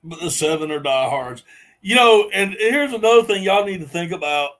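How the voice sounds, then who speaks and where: A man hosting a casual live stream, laughing helplessly between drawn-out exclamations as he chats with viewers. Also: high voice, animated, fairly bright tone. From Southern US. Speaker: host.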